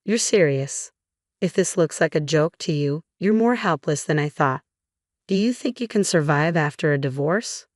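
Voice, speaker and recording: A woman's voice: sits low, animated, moderate pace, no echo, clean studio sound. A woman voicing an arrogant, sexist office husband who speaks in a dismissive, condescending way. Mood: contemptuous.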